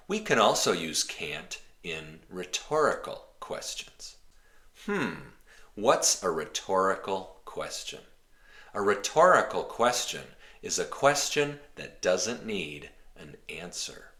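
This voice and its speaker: A man teaching an English lesson slowly and clearly, rephrasing each example in simple words. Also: sits low, very animated, bright, forceful tone. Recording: roomy echo.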